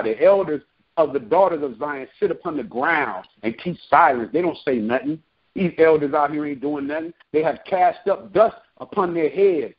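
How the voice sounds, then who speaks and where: A man's voice: high voice, breathy edge, dull audio. A man preaching from scripture, reading verses aloud and breaking into casual slangy commentary. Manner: reads verses then breaks into slangy asides. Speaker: street preacher.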